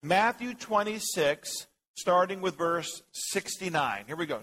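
A man leading an interactive sermon in a church hall, reading scripture aloud and asking the group questions in a teasing, lively way. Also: high voice, unhurried. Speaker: pastor leading Bible study. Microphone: handheld microphone.

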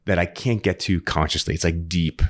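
A low-pitched man speaks briskly as a podcast guest, sharing an earnest, animated story in casual conversation. He often repeats words as he restarts a thought.

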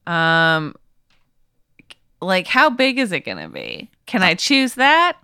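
A woman's voice: fairly low pitch, huge pitch swings, slow pace, pushed and bright, clear, resonant tone, no echo, studio quality. A woman guest playing along with a strange hypothetical, sounding flustered and exasperated and swearing as she reacts.

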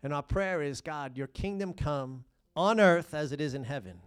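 A man preaching a sermon as pastor, reading scripture and explaining it, swinging between loud emphasis and hushed asides. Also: a little high, normal speed, clear, resonant tone.

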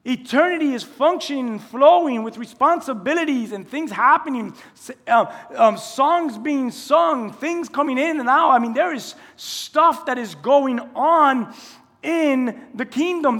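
A man preaches from the pulpit in a conversational way, putting question after question to his congregation. His voice sits fairly high for a man. The sound carries a long reverb from a large church hall. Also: a bit bright. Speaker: pastor. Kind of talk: sermon.

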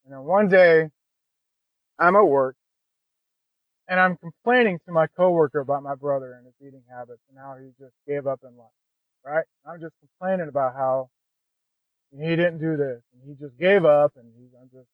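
On a dry, narrow, phone-like recording with no echo, a man with a fairly high voice speaks at a normal pace. He's a podcast guest telling his own story candidly and conversationally, often throwing in "man" and "you know."

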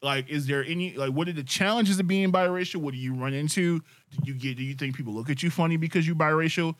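A man's voice: on the high side, fast, no room sound. A man co-hosting a podcast, asking probing questions and joking in casual chat. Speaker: podcast co-host.

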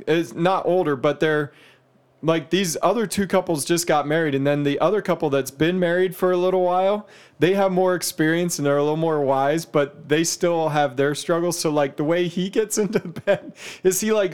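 A man in casual chat, an animated storyteller who laughs often. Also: fairly high pitch, smooth.

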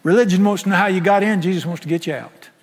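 A middle-aged pastor, preaching a folksy, impassioned sermon that swings from loud to soft. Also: male voice, sits high, fast talker, breathy edge. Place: large church sanctuary. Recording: echoey sanctuary with long reverb.

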